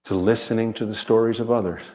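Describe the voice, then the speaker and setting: Low-voiced man telling a reflective story. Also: fairly even intonation, mellow. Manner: measured, earnest, with repeated phrases and pauses. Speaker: author giving a reading and talk. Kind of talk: reflective storytelling talk to an audience.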